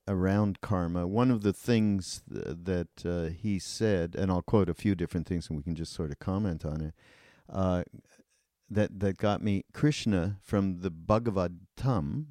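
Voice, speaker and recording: An older man hosting a podcast in casual conversation, hesitant with many filler pauses. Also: deep voice, dark tone, dry recording, studio quality. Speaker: podcast host.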